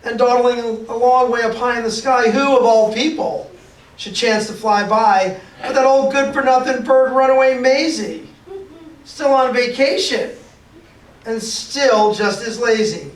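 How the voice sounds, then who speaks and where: Guy reading a story to kids real slow, playful, echoey room, far from the mic. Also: extremely high pitch. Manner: slow, playful, sound effects. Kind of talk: reading a picture book aloud.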